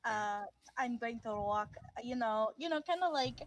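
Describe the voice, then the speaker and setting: A woman's voice: a little high, animated, a little slow, poor audio. A woman playing a tabletop game over a call, rambling with lots of fillers. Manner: rambling, lots of "like" and "you know". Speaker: player. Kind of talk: casual play over a call.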